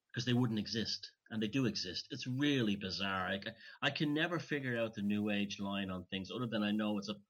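A man's voice: on the low side, a bit bright, slightly rough. A man in a casual chat who talks earnestly, often trailing off and restarting his thoughts. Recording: dull, muffled sound.

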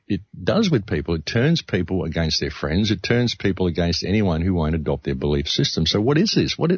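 A man's voice: lowish voice, slightly rough, no room sound. A man who works as an announcer, talking earnestly in a casual discussion and often restarting his sentences. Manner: earnest, rambling with frequent restarts. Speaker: radio announcer. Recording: dull lo-fi, dry sound.

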